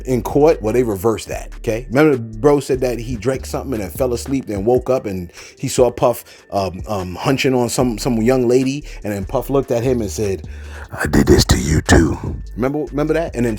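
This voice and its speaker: A man giving casual reaction commentary, animated and repetitive, often circling back with "look" and "you know what I'm saying". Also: medium pitch, a little fast, soft background music.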